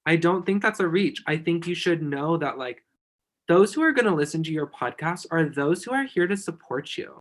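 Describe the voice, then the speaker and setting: A man's voice: a little high, a bit bright. A man guest on a podcast, chatting casually and giving emphatic, effusive encouragement. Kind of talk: casual chat.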